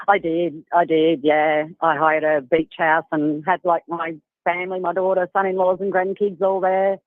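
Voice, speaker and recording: Calling in to a show, a woman from Australia speaks with a fairly low, flat delivery at a moderate pace, chatting casually and laughing often in her Australian accent. There's no echo, just a tinny phone line.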